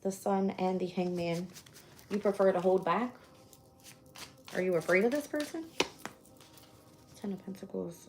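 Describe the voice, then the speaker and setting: On a casual live stream, a woman with a mid-range voice does a tarot reading at a measured pace with long pauses, background noise behind her. Blunt and freely swearing, she thinks aloud, shuffles, and names each card she draws.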